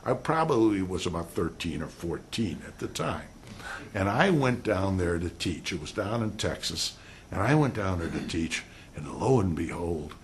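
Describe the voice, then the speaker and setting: An older man giving a classroom lecture on law, animated and rhetorical, often mimicking stiff lawyer talk. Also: low-pitched, slight background noise. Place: lecture room.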